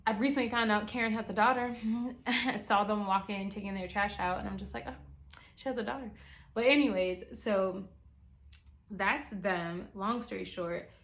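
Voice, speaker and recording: A woman's voice: medium pitch, fairly even intonation, moderate pace, fairly bright tone. A young woman vlogger in casual storytime mode. She is chatty and exasperated, peppers her talk with fillers, and speaks in a mid-range voice.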